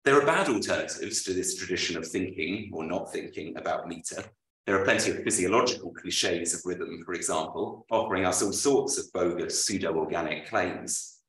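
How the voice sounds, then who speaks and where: A man, an author, reading a prepared lecture aloud at a book launch, with measured, dryly witty delivery. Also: low voice, a bit bright. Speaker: author presenting his book. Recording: roomy, voice from far off.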